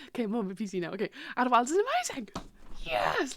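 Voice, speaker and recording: A woman in her thirties livestreams from her home PC, chatting casually in an animated way, swearing freely and laughing often. Her voice is fairly high, and there's a little hiss or hum in the audio.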